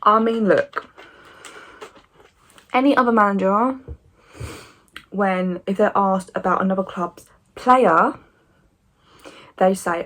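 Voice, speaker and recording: A woman's voice: medium pitch, takes it slowly, pauses often. Ranting young woman football vlogger. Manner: animated, opinionated, sarcastic ranting. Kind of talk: casual chat to camera.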